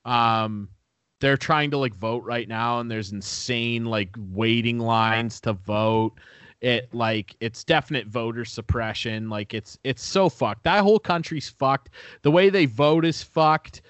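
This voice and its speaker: A man's voice: medium pitch, unhurried, fairly bright tone, smooth, no room sound. A man in casual podcast chat, ranting with constant swearing and frequent laughs. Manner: profane, ranting, laughs often.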